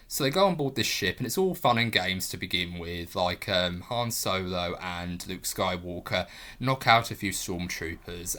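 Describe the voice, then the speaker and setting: A man's voice: low voice, bright, forceful tone. A man giving a casual, enthusiastic film review, rambling with lots of fillers.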